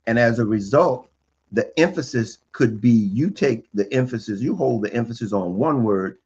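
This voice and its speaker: Man, guest expert, emphatic, repetitive, mid-pitched voice, slightly dull recording. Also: lively intonation, normal speed, darkish tone, breathy edge. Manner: repetitive, emphatic, explains by restating. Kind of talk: explanatory podcast talk.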